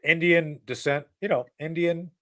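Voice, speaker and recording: A man's voice: fairly high pitch, moderate pace, sharp tone. A man hosting a casual political talk show. He rambles and mocks, with many restarts and asides.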